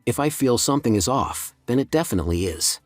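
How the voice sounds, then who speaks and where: A man's voice: mid-range voice, animated, fast, no echo, faint music behind, lightly acted. A man doing a stern suspicious agency boss. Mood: firm. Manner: firm, commanding.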